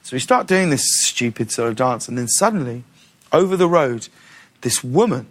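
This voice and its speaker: A middle-aged man, telling stories in a casual interview with an animated, laughing manner. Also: mid-range voice, moderate pace. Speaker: talk show host, guest.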